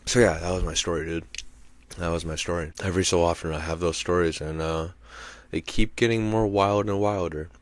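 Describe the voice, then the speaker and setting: Low-voiced man telling a rambling story. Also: steady tone, brisk. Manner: rambling, profane, keeps asking "you know what I mean". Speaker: podcast host and comedian. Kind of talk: casual storytelling monologue.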